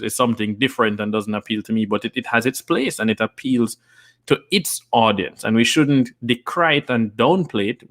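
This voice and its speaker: A man's voice: fairly low pitch, fairly bright tone. A man hosting a live stream, reading viewer comments and making earnest, persuasive points while repeating words as he builds an argument. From Jamaica. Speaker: host and investor.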